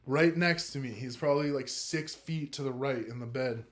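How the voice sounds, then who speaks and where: A young man telling a story from his own life in a loose, profane way, with a steady stream of "like" between his words. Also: medium pitch, moderate pace. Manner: laid-back, profane, heavy use of filler "like". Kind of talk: casual first-person storytelling.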